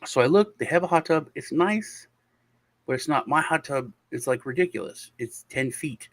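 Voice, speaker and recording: A man's voice: mid-range voice, animated, moderate pace, fairly bright tone. A man hosting a show, telling a long story in casual chat over a video call, with lots of restarts and sighs. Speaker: show host.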